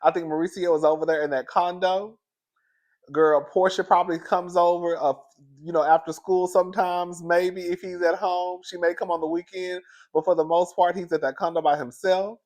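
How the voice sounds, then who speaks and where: A man in a casual, gossipy chat recapping a reality show, animated and laughing often, speaking. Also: sits high, moderate pace. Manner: chatty, gossipy and animated, laughs often, says "girl" a lot.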